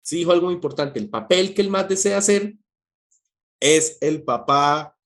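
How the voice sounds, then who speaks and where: A man's voice: a little high, brisk. A man with a Colombian accent hosting a casual interview, joking playfully with his guest. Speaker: interview host. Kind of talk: casual interview chat, switching between Spanish and English.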